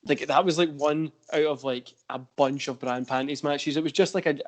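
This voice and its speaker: A man's voice: a little high, steady tone, moderate pace. Rambling man hosting a podcast. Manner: rambling, heavy use of fillers. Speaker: podcast host. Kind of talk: casual chat.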